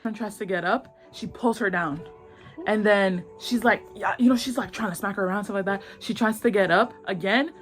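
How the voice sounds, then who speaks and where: A young woman casually retelling a drama plot in slangy, excitable talk, acting out lines in quick voices. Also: mid-range voice, soft background music. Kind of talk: casual animated storytelling.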